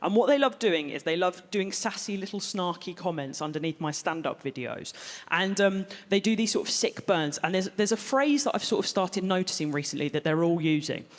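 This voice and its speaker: A woman's voice: on the low side, lively intonation, a little fast, in a large hall. A woman doing blunt, wry observational stand-up comedy on a large theatre stage. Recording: live theatre with loud audience.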